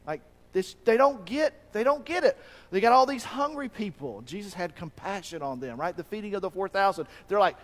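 Pastor guy preaching, fairly high voice, long hall echo, gets animated. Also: brisk. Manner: animated, acts out quoted voices with rising pitch. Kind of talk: sermon.

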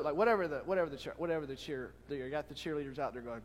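A man preaching a sermon as pastor, talking animatedly and acting out the shouts of a crowd. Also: a little high, rapid-fire, hardly any pauses, muffled recording. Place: church hall. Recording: long reverb of a hall.

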